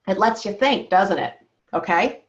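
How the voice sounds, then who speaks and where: A woman's voice: mid-range voice, expressive, a little slow, background noise. A woman health coach on a group call, encouraging and walking listeners through breathing steps, often checking in with "okay?". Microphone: call-in phone or computer mic. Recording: slightly dull, lo-fi call audio.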